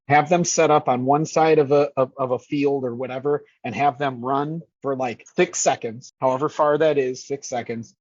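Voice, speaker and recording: A man's voice: on the high side, darkish tone, no room sound, muffled recording. A man who manages scare actors, talking casually and energetically in an interview, swearing freely and acting out lines.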